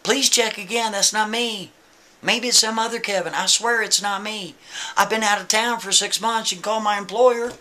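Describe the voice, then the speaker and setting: A man's voice: high-pitched, fairly even intonation, normal speed, pushed and bright, voice pushed up. A man telling a story voices a wrongly arrested man who pleads and insists on his innocence. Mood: pleading.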